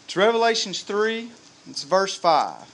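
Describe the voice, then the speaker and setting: A man preaching a sermon to a live congregation, lively and humorous, quizzing the crowd. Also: high-pitched, a little slow, slight background noise. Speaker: pastor.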